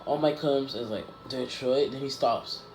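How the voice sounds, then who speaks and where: Man, casual rambling storyteller, mid pitch, echoey room. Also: a little fast. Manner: rambling, self-correcting, lots of "like" and "um". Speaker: YouTuber telling a fan story. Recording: echoey room with faint background noise.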